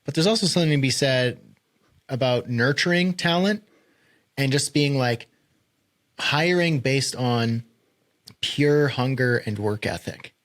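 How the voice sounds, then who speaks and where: Animated man in casual podcast chat. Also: medium pitch, unhurried, pauses often. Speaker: podcast co-host.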